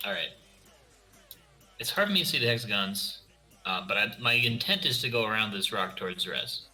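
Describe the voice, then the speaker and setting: A man plays a tabletop game with a low voice that is very bright in tone. He hesitates and thinks aloud about his moves. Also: very animated, moderate pace, soft background music. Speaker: player. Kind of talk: casual tabletop game chat.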